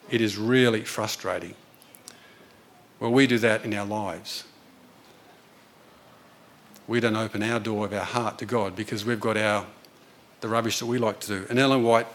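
A man's voice: on the low side, a bit bright. A man preaching a sermon, telling a story in an earnest, conversational way.

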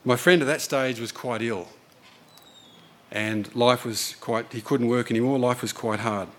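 A man's voice: medium pitch, unhurried, a bit bright. A man preaching a sermon, telling a story in an earnest, conversational way.

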